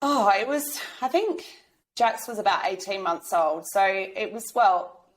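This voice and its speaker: A woman's voice: mid-range voice, lively intonation, measured pace. A woman, talking openly as a podcast guest, rambling with many restarts and fillers. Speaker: guest sharing lived experience. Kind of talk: candid podcast interview.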